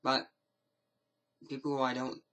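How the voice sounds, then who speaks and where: A man's voice: medium pitch, completely flat delivery, unhurried, a bit bright, poor audio. A man talking casually to his camera in a rambling, hesitant way, often restarting his sentences. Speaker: vlogger. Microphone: camera mic.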